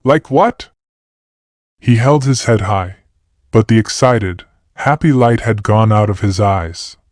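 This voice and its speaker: A man narrating a classic novel as a calm, measured sleep audiobook. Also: on the low side, dry recording, studio quality. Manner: steady, measured reading.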